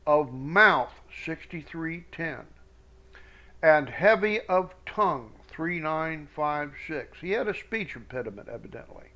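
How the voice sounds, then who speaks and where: A man teaching scripture verse by verse, reading each verse slowly with emphasis and adding quick asides. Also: on the high side, lively intonation, bright, forceful tone, muffled recording. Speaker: Bible teacher.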